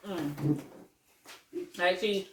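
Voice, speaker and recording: A woman's voice: lowish voice, extremely slow. A mother chats casually at her family's dinner table, laughing and humming between bites of food. Her voice carries an echoey room sound and is picked up from some distance by a phone. A faint background hiss sits under it. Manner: chatty, laughing, chewing between words. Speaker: mother hosting a family mukbang. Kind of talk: casual family chat while eating. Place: home dining area. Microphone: phone set at a distance.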